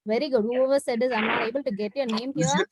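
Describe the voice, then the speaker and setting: High-voiced woman telling a story to a class. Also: quick pace, noisy background. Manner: animated storytelling, acts out quoted characters; frequent "like" fillers. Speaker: teacher. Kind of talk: storytelling lesson to students on a video call. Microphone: video call.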